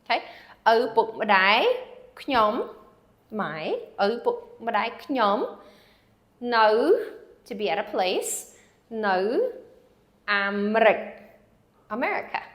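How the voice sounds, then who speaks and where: Woman teaching slowly with careful repetition. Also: fairly high pitch, very animated. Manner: slow, careful repetition of words; writes on a board while explaining. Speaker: language teacher. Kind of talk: language lesson.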